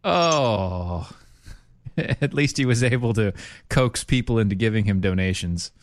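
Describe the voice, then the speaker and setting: A man's voice: lowish voice, lively intonation, unhurried, slight background noise. A man co-hosting a casual political talk show who cracks jokes. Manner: joking, wisecracking. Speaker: co-host.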